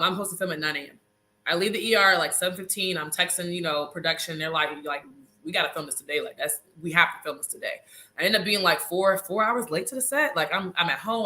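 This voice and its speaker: A woman in her thirties telling a dramatic story in a casual interview, animated and talking straight to viewers. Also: lowish voice. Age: 30s. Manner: animated, dramatic, addresses audience as y'all. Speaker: reality show cast member, guest; nurse.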